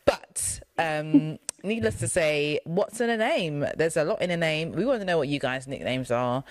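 Giggly low-voiced woman podcaster. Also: expressive, normal speed. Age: young adult. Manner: giggly, playful, teasing. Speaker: podcast co-host. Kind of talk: casual chat.

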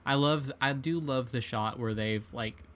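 A man's voice: mid-range voice, measured pace, fairly bright tone, slight background noise. A man in casual conversation, retelling movie scenes in a laid-back way. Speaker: podcast co-host. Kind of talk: casual film discussion.

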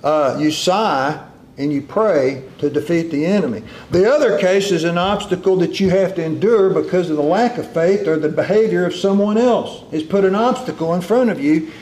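A man preaching a sermon, drawing out key words slowly and dropping into a low hush for emphasis.

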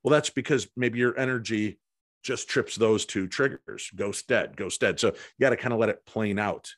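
Low-voiced man telling a lively story. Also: normal speed, dry recording, clean studio sound. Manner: animated anecdote-teller, acts out voices and lines. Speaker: guest, paranormal investigator. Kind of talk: casual storytelling interview.

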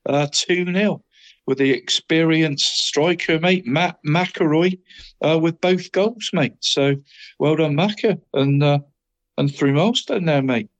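Chatty man with a fairly high voice. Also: slow pace, dull audio. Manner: chatty, says "mate" after nearly every phrase; stumbles and restarts a lot. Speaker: football podcast co-host. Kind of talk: casual rundown of local football results.

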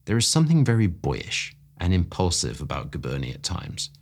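A man narrating a classic story for a podcast in a low, husky voice. His reading is expressive and climbs with excitement. His pitch moves around a great deal. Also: brisk.

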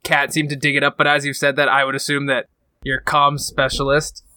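A man running a tabletop roleplaying game as game master, narrating in a casual way with plenty of fillers. His voice is bright and smooth, and the recording is dry and close. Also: mid-range voice, completely flat delivery, a little fast, no echo.

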